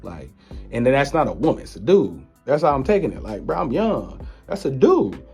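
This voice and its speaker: A man casually telling a story from his own life in an animated, disbelieving way. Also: mid-range voice, normal speed, gravelly, faint music behind. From United States. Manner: animated, incredulous retelling of an encounter. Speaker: vlogger.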